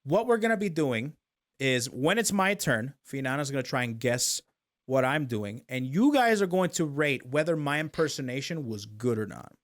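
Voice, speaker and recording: A man's voice: medium pitch, lively intonation, normal speed. A man hosting a casual talk stream, walking his guest through the rules step by step and checking in with "okay?". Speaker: talk show host. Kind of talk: casual chat.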